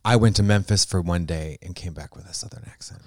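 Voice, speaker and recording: A man's voice: low-pitched, fast talker, a little mellow, dry recording, studio quality. A man co-hosting a casual comedy podcast, rambling and giggly, trailing off into asides. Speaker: podcast co-host.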